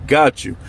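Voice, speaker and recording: Blunt, gravelly man ranting to his viewers. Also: very high voice. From Milwaukee, Wisconsin. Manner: blunt, slangy, fired-up, addresses viewers directly. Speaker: channel host. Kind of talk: candid to-camera monologue.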